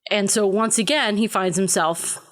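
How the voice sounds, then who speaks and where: A woman's voice: medium pitch, steady tone, normal speed. A woman in a podcast conversation, steadily drawing parallels between film scenes. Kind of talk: casual film discussion.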